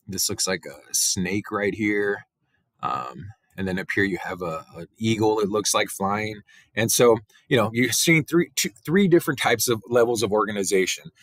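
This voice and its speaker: A male teacher giving a relaxed biology lecture, talking through slides with many fillers and "right?" tags. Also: lowish voice, normal speed, no room sound. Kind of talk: recorded classroom lecture.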